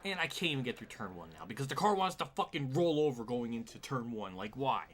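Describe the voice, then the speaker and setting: A man's voice: mid-range voice, very animated, quick pace. A man streaming a racing game live, commenting in an exasperated way, swearing often and laughing at himself. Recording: clear background noise.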